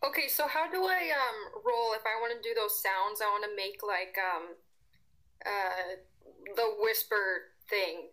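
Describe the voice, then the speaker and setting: Bright-voiced woman playing a tabletop game. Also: mid-range voice, measured pace, rough recording. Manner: unsure, thinking aloud. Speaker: player.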